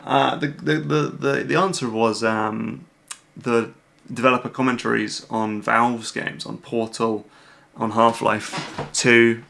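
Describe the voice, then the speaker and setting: Gravelly British man chatting on a livestream. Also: mid-range voice, steady tone, slow, pushed and bright. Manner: rambling, self-deprecating, many fillers and restarts. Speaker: host. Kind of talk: casual livestream chat, reading out chat questions.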